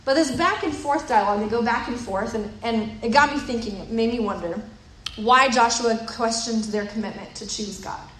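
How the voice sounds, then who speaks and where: A woman's voice: a little high, normal speed, fairly bright tone. A woman preaching a sermon in a conversational way, often repeating words as she thinks aloud. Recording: roomy echo with faint noise.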